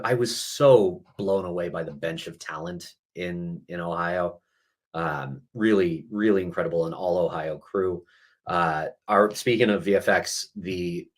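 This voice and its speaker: A man from New Mexico, a film director guest in an interview, telling stories in a lively way with many fillers. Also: low voice. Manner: animated storyteller with many fillers. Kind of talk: interview conversation.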